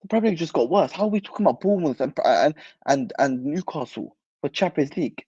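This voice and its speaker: A man's voice: on the high side, lively intonation, quick pace, mellow, breathy edge, dry recording, muffled recording. A young man hosting a football channel, chatting casually and reacting animatedly to live comments in slang. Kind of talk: casual livestream chat.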